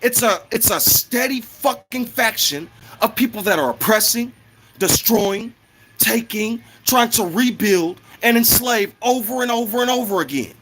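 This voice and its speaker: A man's voice: extremely high pitch, lively intonation, a little slow, fairly bright tone. A man ranting in a casual, heated, profane monologue, often repeating himself.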